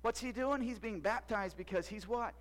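A man with a high voice speaks at a moderate pace, though the audio is poor. As a costumed storyteller in a church skit, he delivers a playful first-person Bible monologue, full of jokes and questions for the audience.

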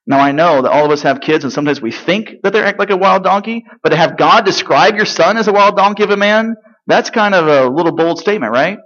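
A man's voice: sits high, fast, a bit bright, muffled recording. A man preaching a sermon in a conversational way, with rhetorical questions and dry sarcasm. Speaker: pastor.

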